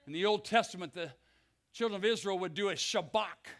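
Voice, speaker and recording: An older man preaching a passionate sermon in a church, swinging from hushed lines to shouts. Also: high voice, a little fast. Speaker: pastor. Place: church sanctuary.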